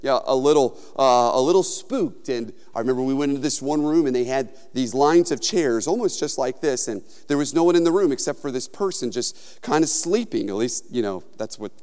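A male pastor preaching a sermon in a relaxed, conversational manner, telling stories with frequent fillers. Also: medium pitch, a little fast, hardly any pauses, smooth, long reverb tail.

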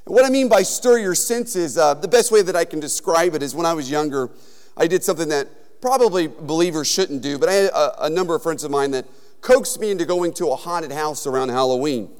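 A male pastor preaching a sermon in a relaxed, conversational manner, telling stories with frequent fillers. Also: on the high side, fairly quick, clean tone, long reverb tail.

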